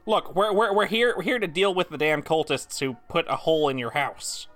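A man playing a tabletop game, talking casually with halting restarts. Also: fairly high pitch, fairly bright tone. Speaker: player.

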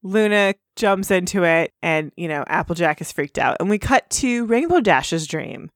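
Bubbly female recap host, animated delivery, dead-dry sound. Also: moderate pace, no echo. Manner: bubbly, puts on squeaky high voices for quotes. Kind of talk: casual recap chat.

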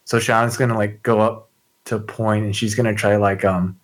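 A man's voice: fairly low pitch, little pitch movement, normal speed. A man playing a tabletop game who talks hesitantly, with many fillers. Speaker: player. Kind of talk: casual game talk.

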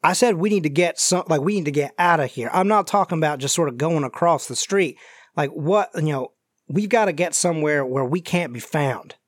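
A man's voice: a little high, fairly quick, no room sound, clean studio sound, lightly acted. A man doing a wounded drawling drifter on the run. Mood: urgent. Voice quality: Southern drawl, like a folksy colonel. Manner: wheedling, evasive, drawling.

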